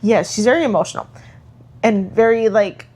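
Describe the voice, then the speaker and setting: Young woman, stay-at-home mom, casual chat, lots of fillers, mid-pitched voice. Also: normal speed. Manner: chatty, many fillers, animated retelling. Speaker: podcast co-host.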